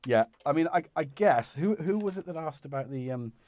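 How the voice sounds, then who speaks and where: A man's voice: a little high, expressive, fairly quick, a little mellow. A man hosting a live stream as he repairs a synthesizer, chatting casually and muttering to himself mid-task with self-deprecating asides. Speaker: livestream host repairing a synth. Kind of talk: casual live-stream chat while working. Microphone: wireless mic that drops out of range.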